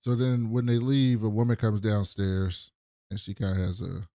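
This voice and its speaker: Mellow-voiced man retelling a plot. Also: on the low side, flat delivery, moderate pace, no room sound, clean studio sound. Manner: laid-back plot retelling, quotes scenes. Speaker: podcast co-host. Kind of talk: casual TV recap narration.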